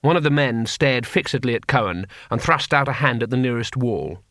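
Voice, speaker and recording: A man narrating an audiobook in a dry, lively storytelling manner. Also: medium pitch, fairly quick, no room sound.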